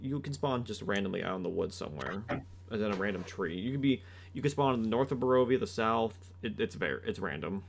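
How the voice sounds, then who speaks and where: A man with a low voice narrates a tabletop game as its game master. He delivers scenes slowly and dramatically, then drops into hesitant, casual asides. A faint noise sits under the voice. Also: animated, gravelly.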